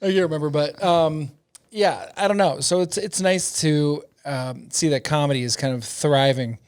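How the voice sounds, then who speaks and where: A man's voice: fairly high pitch, moderate pace, clean tone. A middle-aged man, a comedian guest telling rambling, profane stories in a casual interview, laughing often.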